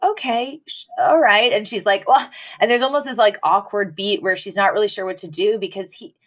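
Fairly quick and mid-range in pitch, this podcast co-host walks through an episode recap conversationally. She brings it to life by performing the characters' dialogue herself.

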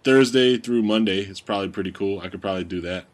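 A man in casual conversation, answering questions about his job in a relaxed, measured way. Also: on the low side. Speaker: guest recalling studio work.

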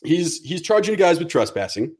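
A man's voice: a little high, a little fast. Man telling a profane story. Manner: profane, animated storyteller acting out dialogue. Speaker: podcast co-host. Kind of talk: casual storytelling.

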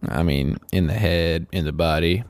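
Rambling deep-voiced man, dry close sound. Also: normal speed, a little mellow, no room sound. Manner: rambling, lots of fillers and goofy bits. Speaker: podcast co-host. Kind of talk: casual chat.

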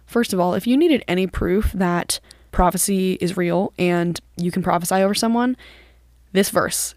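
A woman's voice: on the low side, normal speed, a little mellow, no room sound, studio quality. A woman hosting a devotional podcast, talking earnestly in a conversational way. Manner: earnest and conversational, with frequent "like" and "literally". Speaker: podcast host.

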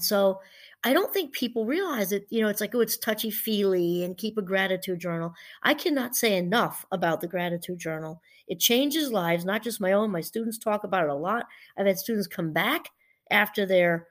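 A middle-aged woman, a professor, talking casually and warmly about gratitude, rambling a little and laughing through her stories. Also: medium pitch, lively intonation, moderate pace. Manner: chatty, rambling, laughs while telling stories. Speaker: professor and podcast host. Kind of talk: casual motivational talk.

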